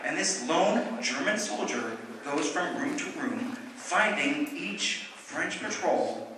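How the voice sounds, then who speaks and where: A drunk man telling a war story at a convention panel, rambling and correcting himself with animated bursts. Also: fairly high pitch, takes it slowly. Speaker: panel presenter telling history. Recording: echoey hall, from far off, noisy.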